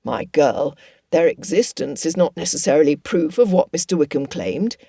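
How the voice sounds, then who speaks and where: A caring older father speaks low and slow, with a soft, warm tone, as a woman reader puts him on. His voice sounds close and dry, like a storybook reading. He stays patient and comforting. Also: lively intonation, slightly rough, no echo, heavily acted. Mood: gentle. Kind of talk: audiobook character voice.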